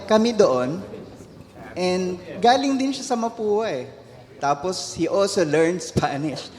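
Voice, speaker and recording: Man, Filipino accent, stand-up, punchline storytelling, long hall reverb. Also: high-pitched. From Philippines. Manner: animated storytelling with rising punchlines. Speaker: stand-up comedian. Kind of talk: stand-up comedy, mixing Tagalog and English.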